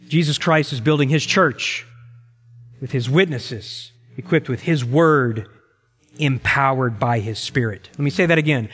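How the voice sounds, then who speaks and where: A middle-aged male pastor preaching a sermon with emphasis, slowing down to repeat key phrases. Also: mid-range voice, fairly bright tone, breathy edge. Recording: long reverb in a large hall.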